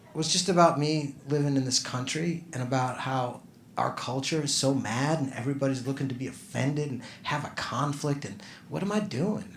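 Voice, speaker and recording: A male stand-up comedian on a comedy club stage, talking conversationally and building to loud exasperated outbursts. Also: on the high side. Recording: echoey club room with noisy ambience. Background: audience laughter.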